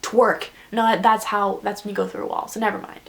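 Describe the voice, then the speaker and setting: A woman's voice: mid-range voice, little pitch movement, fairly quick, gravelly, very noisy. A young woman vlogging a casual confession, rambling and self-deprecating, close to tears. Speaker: beauty vlogger.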